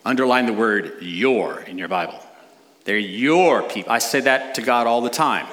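A middle-aged man preaching a sermon as a pastor, animated with dramatic pauses. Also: mid-range voice.

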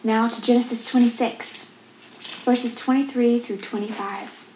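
A woman giving a devotional talk, reading scripture and reflecting on it in a measured, gentle way. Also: fairly high pitch, fairly even intonation, a little hiss or hum. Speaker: devotional speaker. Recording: roomy echo.

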